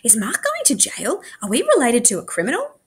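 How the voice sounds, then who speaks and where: A woman reading aloud, voicing an excitable youngest boy in a bouncy, sing-song way. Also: fairly high pitch, a little fast, slightly rough, pitched above the performer's own voice, full character voice. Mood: excited.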